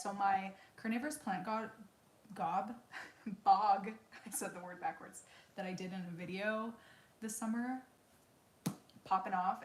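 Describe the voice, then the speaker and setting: A woman's voice: medium pitch, reverberant. A woman in her thirties hosting a casual live Q&A from home, chatty and self-deprecating, laughing often, on a wireless mic. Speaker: livestream host answering viewer questions. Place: room at home. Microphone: wireless mic with receiver.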